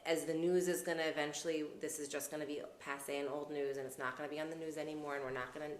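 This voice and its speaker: Low-voiced earnest woman advising. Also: flat delivery, fast, a little hiss or hum. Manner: earnest, advising, Hebrew religious terms. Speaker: guest psychologist. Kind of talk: conversational interview. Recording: echoey room with faint ambience.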